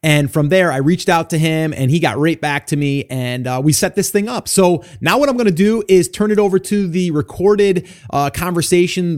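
A man's voice: on the high side, darkish tone. A man hosting a podcast, introducing a voicemail and then interviewing a guest in an upbeat, chatty way with plenty of fillers. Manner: upbeat, laughs often, filler-heavy. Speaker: podcast host.

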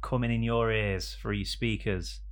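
Male podcast host, casual studio banter, low and gravelly. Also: fairly even intonation, moderate pace. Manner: joking, rambling banter with sudden loud bursts. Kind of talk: casual chat. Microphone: studio microphone.

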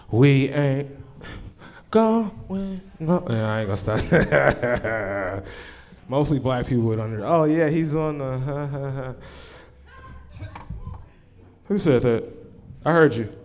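A man's voice: mid-range voice, lively intonation, slow, pauses often, a little mellow. A man doing a stand-up set on a comedy club stage, brash and crude, calling out the crowd. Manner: brash, crude, calls out hecklers.

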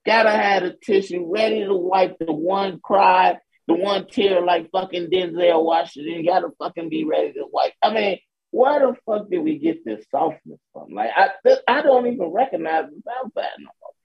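A man co-hosting a podcast, ranting and mocking loudly in profane casual chat. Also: high-pitched, moderate pace, gravelly. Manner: loud, ranting, mocking, laughs a lot. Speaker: podcast co-host. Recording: dull lo-fi sound.

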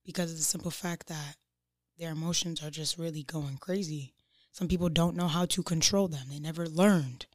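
A woman's voice: deep voice, steady tone, moderate pace, no echo, studio quality. A young woman guest chatting on a podcast, blunt and passionate, dropping slang and curses. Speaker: guest artist. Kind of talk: casual podcast chat.

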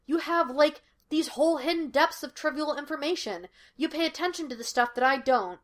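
A woman reading the lines of an excitable, teasing young male detective who talks in quick banter. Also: high voice, voice pushed up, close to an everyday voice. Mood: excited. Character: lively wisecracking young male psychic detective.

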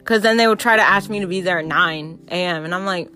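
A woman's voice: on the low side, fast, bright, forceful tone, faint music behind. A woman in her twenties from the Southern United States, telling candid stories straight to camera in a blunt, profane, casual way. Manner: acts out quoted customers and coworkers. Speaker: vlogger. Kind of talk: casual storytime monologue.

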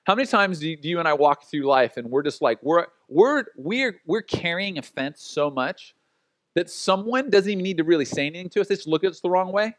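A man's voice: fairly high pitch, animated, a little fast, a bit bright, dry recording. A man preaching as a pastor in a casual, conversational way, acting out quotes and laughing at his own stories. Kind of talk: sermon.

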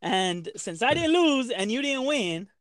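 High-voiced man, swaggering podcast banter. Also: sing-song, unhurried, a bit bright. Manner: swaggering, teasing, profane slang. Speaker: podcast co-host. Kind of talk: casual banter.

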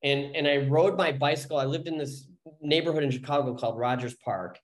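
A man in his forties appears as a podcast guest, rambling through a personal story, often restarting sentences and getting more animated as he goes. His pitch is fairly high and his pace fairly quick, in an echoey room.

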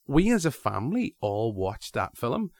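A man's voice: medium pitch, very animated, measured pace, no echo. A man hosting a podcast, chatting casually and animatedly, with frequent restarts. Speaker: podcast host.

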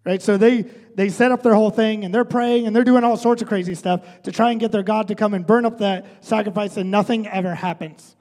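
Pastor guy, pretty high voice, chatty sermon, lots of "right?", big echoey church hall. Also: fairly even intonation, a little fast, hardly any pauses, darkish tone. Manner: conversational, often adds "right?".

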